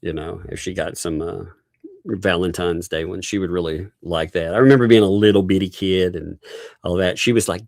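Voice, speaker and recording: A man's voice: deep voice, moderate pace, creaky, a little mellow, no room sound, studio quality. A man hosting a casual livestream, reading court filings aloud with sarcastic asides and laughs.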